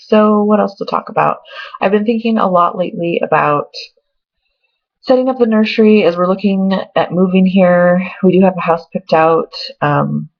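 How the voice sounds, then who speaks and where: Emotional young woman with gravelly voice. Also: on the low side. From Oregon, US. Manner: chatty, emotional, on the edge of tears. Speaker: vlogger. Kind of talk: casual pregnancy update vlog. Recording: dull lo-fi home webcam audio.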